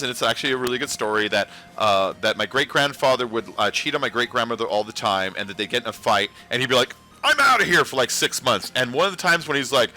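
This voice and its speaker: Bright-voiced man rambling to his chat. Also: medium pitch. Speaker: livestream host. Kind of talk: casual livestream chat.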